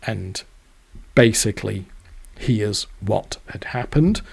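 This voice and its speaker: A man's voice: on the low side, expressive, slow, creaky, breathy edge. A man, telling a rambling, sweary personal story. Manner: rambling, sweary, self-deprecating. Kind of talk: casual storytelling monologue.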